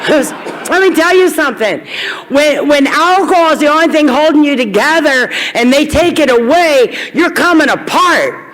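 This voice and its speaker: A woman's voice: high-pitched, a bit bright. A woman from Kentucky telling her recovery story to a meeting, candid and wry, with sudden bursts of energy. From Kentucky, USA. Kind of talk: personal recovery story told to an audience. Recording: long hall reverb.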